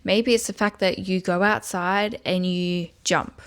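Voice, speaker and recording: A woman's voice: on the low side, fairly even intonation, a little slow, clean tone. A woman giving a self-help video lesson, earnestly guiding the listener step by step and speaking affirmations aloud. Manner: speaks tapping affirmations aloud in first person.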